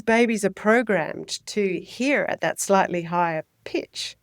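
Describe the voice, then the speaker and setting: A middle-aged woman, a child health nurse and midwife, giving clear, lively parenting advice in a podcast interview. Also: mid-range voice, slow pace, no echo, clean studio sound. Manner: explanatory, lively when voicing babies and parents.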